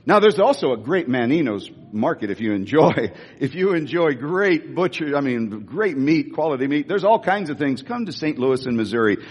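A man preaches in a church, his high voice leaping up and down as he hammers home repeated lines. His tone is a little husky, and long reverb trails each phrase through the hall. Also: very animated. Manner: emphatic, repeats key lines, swings from slow stressed phrases to quick asides. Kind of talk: sermon.

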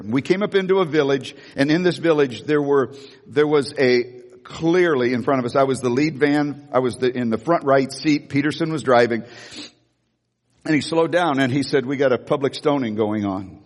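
Animated preacher man in a reverberant hall. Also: on the high side. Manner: animated, acts out voices, frequent restarts. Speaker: pastor. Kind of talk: sermon with storytelling.

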